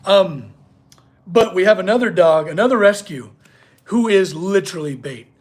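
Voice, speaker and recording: A man's voice: sits high, animated, moderate pace, slight background noise. A man hosting a casual livestream from his workshop, chatting with viewers and talking to his dog. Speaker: blacksmith livestream host.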